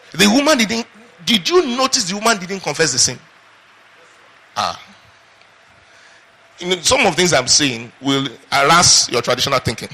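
A man preaches with a high, bright voice that carries a husky edge. He keeps throwing questions out to the congregation and waiting for them to answer. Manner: call-and-response questions to the congregation. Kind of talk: sermon.

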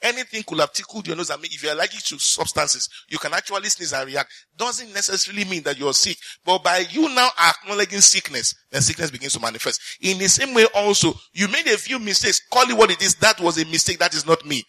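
A male preacher with a bright, ringing voice, delivering a sermon with emphatic repetition and questions thrown out to his listeners. He pitches a little higher than most men. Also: animated, quick pace, few pauses. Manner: emphatic, repeats lines for effect, reads scripture aloud; asks the congregation questions.

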